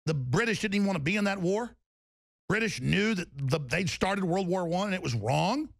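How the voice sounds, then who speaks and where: Gravelly, heated ranting man. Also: high-pitched, lively intonation, moderate pace, dry recording, studio quality. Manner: heated, emphatic, mocking. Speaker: political commentator. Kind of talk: angry political rant.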